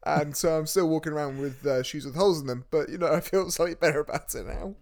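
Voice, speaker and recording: A man's voice: on the high side, fast, a little mellow. A man co-hosting a podcast, telling a story in casual chat, laughing at himself as he goes. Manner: laughs through his own story, self-mocking. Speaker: podcast co-host.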